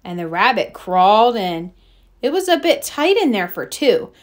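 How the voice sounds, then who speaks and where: A woman reading a children's picture book aloud in a slow, expressive, sing-song way. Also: mid-range voice. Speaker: children's story reader. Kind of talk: storybook read-aloud.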